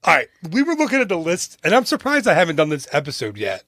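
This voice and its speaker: Male podcast host, joking and chatty, slightly higher voice, dry close mic. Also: wildly swooping pitch, fairly bright tone, no echo. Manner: joking, chatty, quick asides. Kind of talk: casual chat.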